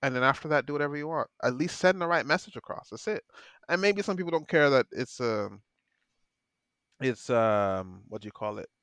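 A man's voice: mid-range voice, a little fast, no room sound. Brief: male podcast co-host, casual and emphatic, laughs easily, dry close mic. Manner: animated, emphatic, laughs often. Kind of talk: casual football chat.

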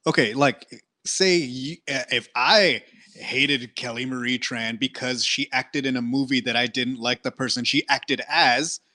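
A man's voice: mid-range voice, unhurried, bright, forceful tone. Man from Texas, ranting casually. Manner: exasperated ranting, frequent restarts. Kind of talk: casual chat.

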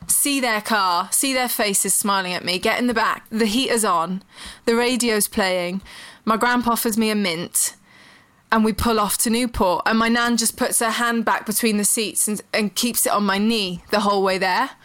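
A woman's voice: mid-range voice, normal speed, a bit bright, dry recording. A woman, a writer, telling personal stories frankly and vividly as a podcast guest. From Britain. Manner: frank, earthy, vivid storyteller. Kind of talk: candid personal storytelling.

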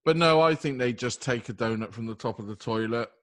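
A British man co-hosting a radio show in relaxed banter, tossing in wry, joking asides. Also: mid-range voice, brisk, no echo. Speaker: radio co-host.

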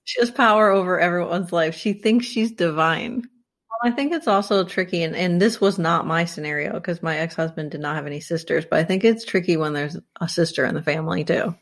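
A woman in her forties co-hosts a casual podcast, chiming in with dry, wry comments. Her voice sits a little low for a woman. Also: fairly quick. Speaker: podcast co-host. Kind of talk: casual chat.

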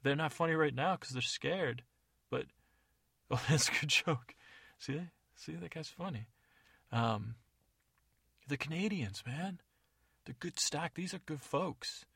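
A man delivering a loose, improvised comic monologue with deadpan asides. His voice has a gravelly, rough edge. The sound is dry and close, with no room echo. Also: a little high, slow. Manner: rambling, self-correcting, deadpan asides. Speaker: comedy podcast narrator.

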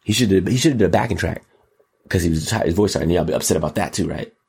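A man hosting a show, giving casual, mocking commentary on pop culture and politics in an animated way. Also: fast talker, vocal fry, breathy edge. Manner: animated, mocking, jumps into high exclaims. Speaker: show host.

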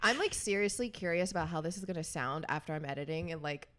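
A woman's voice: lowish voice, fast talker, a bit bright. A young woman hosting a podcast, chatting casually with her sister and laughing often. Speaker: podcast host. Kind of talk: casual chat.

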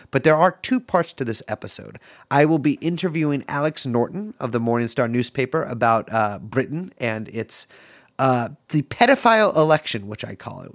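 A man's voice: medium pitch, fairly bright tone, dry recording, studio quality. A young man hosting a podcast alone, rambling through a sarcastic, self-deprecating intro full of fillers and jokes. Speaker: podcast host. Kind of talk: casual joking podcast chat.

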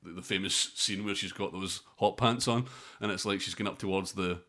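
A man's voice: low-pitched, steady tone, brisk, fairly bright tone. A man co-hosting a casual film podcast, rambling with many fillers. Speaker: podcast co-host. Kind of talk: casual chat about films.

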